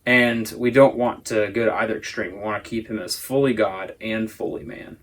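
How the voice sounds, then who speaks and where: A man's voice: lowish voice, fairly even intonation, normal speed, fairly bright tone. A man teaching a Sunday school lesson, explaining at length in a casual, thoughtful way. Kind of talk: casual Bible discussion.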